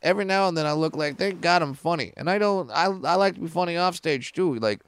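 A man who is a comedian and a podcast guest, telling stories in a casual, profane and animated way. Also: on the high side, fast, smooth, dry recording.

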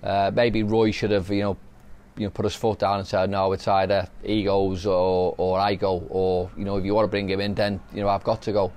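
A man's voice: deep voice, level tone, a little fast, darkish tone. A middle-aged man, telling anecdotes on a casual podcast and laughing as he goes. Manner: chatty, anecdotal, laughs while telling stories. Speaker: podcast host, former footballer. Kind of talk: casual storytelling chat.

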